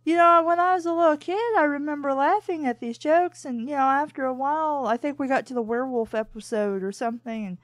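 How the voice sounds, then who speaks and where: A woman chats casually as a co-host, spinning a rambling story full of "I'm like" and restarts. Her voice sits a touch high and sounds dry and close, with no room ring around it. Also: a little fast, hardly any pauses, no room sound. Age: adult. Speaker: podcast co-host. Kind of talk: casual chat, anecdotal storytelling.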